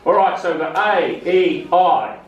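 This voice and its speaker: A man's voice: sits high, big pitch swings, takes it slowly, muffled recording. A man teaching phonics to a student, patiently explaining vowel sounds and asking questions. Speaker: reading teacher. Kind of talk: classroom phonics lesson. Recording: echoey room, from a distance, faint hiss.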